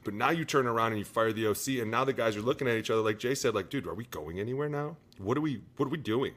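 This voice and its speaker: A man co-hosting a football podcast in casual, animated chat, swearing freely and saying "dude" a lot. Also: medium pitch, very fast. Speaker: podcast co-host, former lineman.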